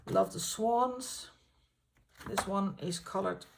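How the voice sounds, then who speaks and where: Woman host, unhurried, some vocal fry, gushing casual flip-through with lots of ums. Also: mid-range voice, background noise. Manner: enthusiastic, halting with frequent fillers. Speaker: colouring channel host.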